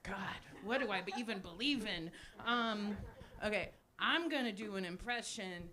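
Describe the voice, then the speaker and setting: Woman comic in her forties, live club set, deadpan self-mocking delivery, noisy room. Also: medium pitch. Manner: deadpan, self-deprecating, frequent ums and laughs. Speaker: stand-up comedian. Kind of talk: live stand-up set with crowd work. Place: small cafe stage with live audience. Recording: noisy live cafe recording.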